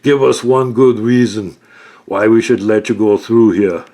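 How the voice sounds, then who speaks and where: A man voicing a surly hired guard in a dungeon who talks loudly and gruffly. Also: fairly low pitch, steady tone, unhurried, pitched above the performer's own voice.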